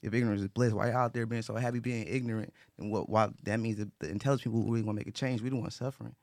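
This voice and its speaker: A man's voice: on the low side, fairly even intonation, rapid-fire, no echo, studio quality. A man talking earnestly in casual conversation, repeating himself and restarting his sentences. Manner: earnest, repetitive, with frequent restarts and profanity. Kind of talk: casual talk.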